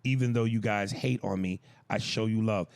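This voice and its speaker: A man co-hosting a podcast, reading out and mocking a listener email in loud, crude casual banter. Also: moderate pace, clean tone. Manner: loud, animated and crude, jumps pitch for emphasis. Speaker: podcast co-host.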